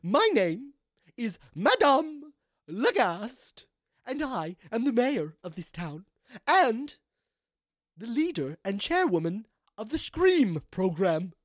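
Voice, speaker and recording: A man voicing a prim female town mayor in a tabletop game, with crisp consonants and an odd put-on accent. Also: extremely high pitch, big pitch swings, slow pace, dry recording, clean studio sound, voice pushed up, heavily acted. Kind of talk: tabletop game role-play.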